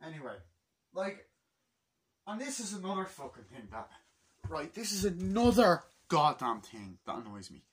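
A man's voice: a little high, big pitch swings, moderate pace. A man of twenty-two in a casual vlog, exasperated and swearing as he mutters to himself. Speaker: film collector vlogger.

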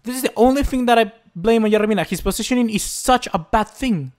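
A young man, commentating his own video game as he plays. He is excitable, swears often and yells at the game. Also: high voice, fast. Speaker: gaming YouTuber.

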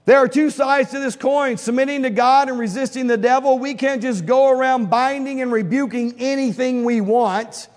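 A man's voice: very high voice, fairly even intonation, normal speed, hardly any pauses, in a large hall. A man preaching a teaching sermon, talking conversationally and quizzing the congregation with questions. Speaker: pastor. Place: church.

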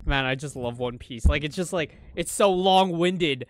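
A young man reacting to an anime episode, excitable and profane, bursting into shouts. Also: on the high side, normal speed. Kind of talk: live reaction commentary. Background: faint anime soundtrack music.

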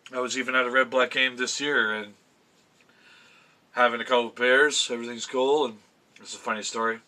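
A middle-aged man vlogs his NFL picks from a home room full of fan memorabilia, rambling casually to camera, chatty and constantly restarting and interrupting himself, with casual swearing. His mid-range voice is brisk, pushed and bright, with fairly even intonation.

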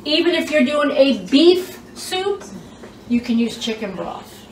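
High-voiced woman hosting a cooking show. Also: sing-song, a little slow. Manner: chatty and exclamatory, squeals when food turns out well. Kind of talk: casual cooking demonstration. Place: home kitchen. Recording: roomy, distant mic, background hiss.

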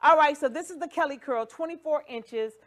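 A wig shop host runs a livestream product demo, her high-pitched voice moving a little fast. Playful and chatty, she sings, jokes, and hypes up viewers with catchphrases.

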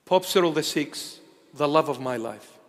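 High-voiced man preaching in a reverberant hall. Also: normal speed. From Assyrian. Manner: animated storytelling, swings from loud to hushed. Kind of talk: sermon.

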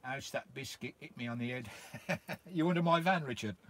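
Speaking at a normal speed with a mid-range, slightly bright voice, a middle-aged British man chats to his live-stream audience outdoors next to his campervan. He's friendly and casual, greeting viewers by name.

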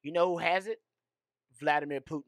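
A man from Houston co-hosting a sports podcast, talking in a playful, animated way and spinning jokes. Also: on the high side, a little fast, dry recording. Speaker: podcast co-host. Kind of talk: casual sports talk. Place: studio.

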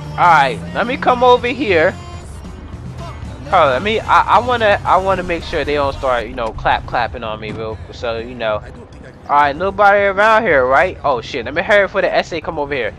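A young man casually commenting on his own gameplay, rambling and profane, breaking into excited shouts. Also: a little high, normal speed. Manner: rambling, profane, bursts into excited yelling and laughter. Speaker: gamer narrating his gameplay. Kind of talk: casual let's-play commentary. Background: game music and sounds.

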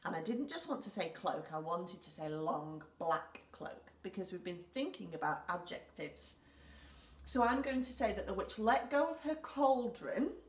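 English teacher speaking clearly to young children. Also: female voice, on the low side, lively intonation, normal speed, recorded from a distance. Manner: clear, patient and encouraging, reads story lines aloud with emphasis. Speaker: primary school teacher. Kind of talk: recorded lesson for young children. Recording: echoey room, speaker away from the mic.

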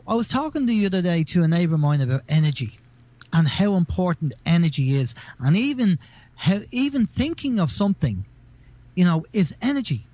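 A man's voice: high-pitched, very animated, brisk, darkish tone, no room sound. A man hosting a radio show, chatting casually and rambling through stories with repeated words.

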